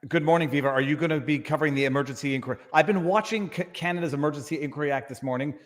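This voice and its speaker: A man's voice: fairly high pitch, rapid-fire. Joking man with a long room reverb. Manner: joking, rambling asides. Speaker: guest YouTube lawyer. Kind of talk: casual panel chat on a live stream.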